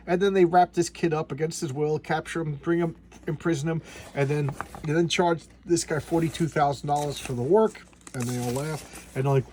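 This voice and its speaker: A man's voice: on the high side, darkish tone, slight background noise. A man talking casually and sarcastically about an old comic, rambling with many restarts and trailing asides. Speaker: comic book reviewer. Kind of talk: casual comic review monologue.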